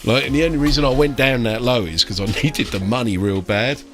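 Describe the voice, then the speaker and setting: A man's voice: mid-range voice, fairly quick, fairly bright tone, soft background music. A British man who paints miniatures chats casually on a live stream, ranting and swearing, with "like" and "mate" in every sentence.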